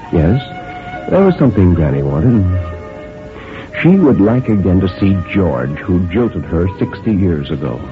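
A man narrating a radio drama in a grave, measured storytelling manner. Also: deep voice. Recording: tinny old radio recording with faint music.

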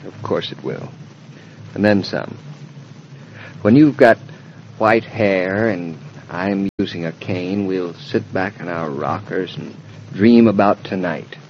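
An actor in 1940s radio acting, playing a gently teasing young husband who speaks in a dry, wry, soothing way. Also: male voice, sits low, takes it slowly, slight background noise. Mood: tender. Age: young adult. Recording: dull old radio transcription.

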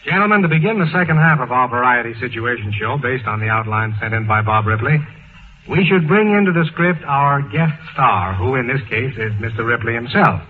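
A man's voice: mid-range voice, expressive, brisk. Man hosting over tinny old radio. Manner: genial, calls on panelists by name. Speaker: panel show host. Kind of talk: old radio panel moderation. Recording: phone-like old radio broadcast, faint hiss.

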